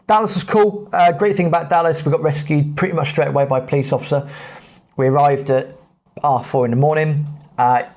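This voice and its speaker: A man's voice: fairly high pitch, steady tone, brisk, a little mellow. Blunt, chatty English man telling travel stories. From England. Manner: chatty and blunt, with British slang. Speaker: podcast host. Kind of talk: casual travel storytelling.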